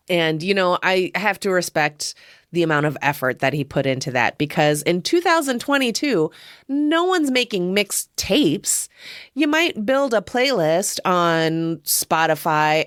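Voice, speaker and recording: A woman in her thirties with a fairly low voice talks into a close, dry microphone, reviewing a film on her podcast. She swears freely, breaks into giggles, and tells the story with loose, animated energy. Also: clean tone, no room sound. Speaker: podcast host.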